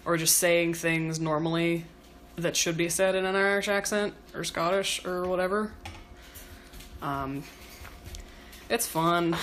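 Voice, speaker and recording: A home cook talks casually while making food in her kitchen, rambling, cursing, and poking fun at herself. She speaks slowly in a fairly low voice, leaving long pauses, as a knife chops amid kitchen noise.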